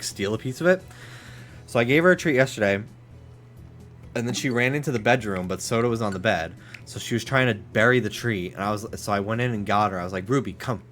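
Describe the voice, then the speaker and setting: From his home office, a man with a fairly bright tone streams a game, keeping the chat casual and the swearing free, and coos at his dog in high-pitched baby talk.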